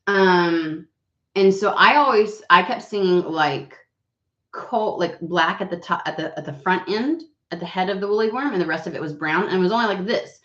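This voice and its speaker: Casual tarot reader, a woman, sniffly and rambling, lower pitch, echoey room. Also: moderate pace, a bit bright. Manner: rambling, swearing, many fillers. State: recovering voice, sniffly. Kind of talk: casual chat and card reading. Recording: roomy, dull lo-fi sound.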